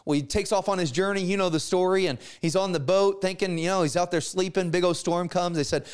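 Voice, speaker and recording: A man teaching a Bible class in a casual, animated way, retelling stories with slangy asides and acted-out characters. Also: sits high, fast, clear, resonant tone.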